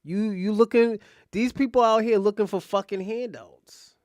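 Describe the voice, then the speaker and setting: A man's voice: high-pitched, normal speed, no echo, studio quality. A man hosting reaction commentary, talking in a blunt, crude and mocking way. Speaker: host.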